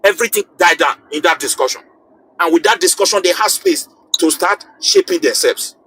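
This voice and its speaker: A man's voice: high-pitched, lively intonation, brisk, a bit bright, slight background noise, low-quality recording. A man from Nigeria, calling into a live show to deliver impassioned political commentary. He talks emphatically, often repeating and restarting phrases as he builds his point. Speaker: call-in guest.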